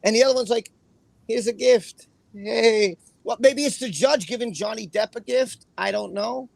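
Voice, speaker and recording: A man hosting a casual livestream with a raspy voice, chatting and then reading a court opinion aloud in a rambling way. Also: extremely high pitch, brisk, no room sound. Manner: rambling, chatty, with fillers and repeated phrases. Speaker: livestream host.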